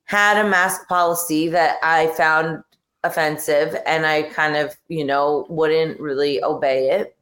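A woman's voice: low voice, steady tone, unhurried, a bit bright, reverberant. A woman guest on a podcast talking frankly and irritably in casual conversation, trailing off with fillers. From New York and New Jersey area.

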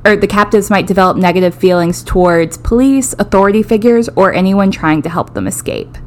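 Woman explaining at an even pace. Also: mid-range voice. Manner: explains in measured steps, dry jokes. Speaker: podcast co-host. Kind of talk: casual explanatory chat.

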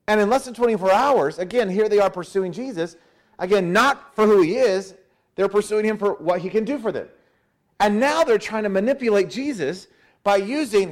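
High-voiced animated male preacher. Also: moderate pace. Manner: animated, acts out crowd voices with "hey". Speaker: pastor. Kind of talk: sermon.

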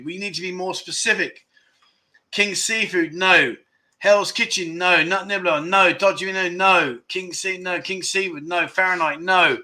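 A man hosting a casual livestream chat, excitedly running through viewers' guesses and reading out their comments. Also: sits high. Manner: excitable, runs through a rapid list of guesses. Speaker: livestream host. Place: his home in Pattaya, indoors.

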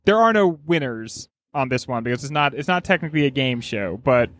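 A man's voice: medium pitch, animated, brisk, fairly bright tone, a little hiss or hum. A man hosting a podcast in casual chat, joking as he leads each segment. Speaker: podcast host.

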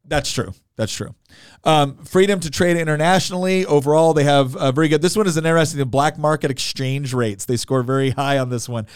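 American guy in his 40s rambling thru a story, smooth clear voice, dry studio sound. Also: a little high, steady tone, quick pace, few pauses, no echo. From United States. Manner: rambling storyteller, many fillers and restarts. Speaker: podcast co-host. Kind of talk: casual chat.

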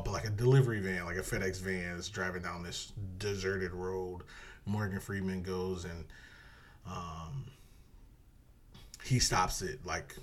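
A man's voice: deep voice, slight background noise. A man co-hosting a podcast in casual chat, rambling through a movie plot and acting out quotes. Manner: rambling, laughs often, acts out quotes in a dropped voice. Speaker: podcast co-host.

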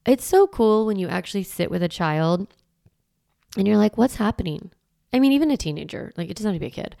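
A woman's voice: medium pitch, lively intonation, a little fast, gravelly, warm tone. A woman in her forties hosting a solo parenting podcast, coaching and encouraging in a casual, chatty way with lots of fillers. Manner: casual and chatty, filler-heavy, laughs easily.

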